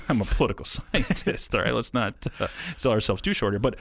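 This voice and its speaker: American guy hosting a podcast, quick chatty talk with lots of laughs, dry close mic. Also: medium pitch, big pitch swings, creaky, no room sound. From United States. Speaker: podcast co-host. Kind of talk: casual podcast chat.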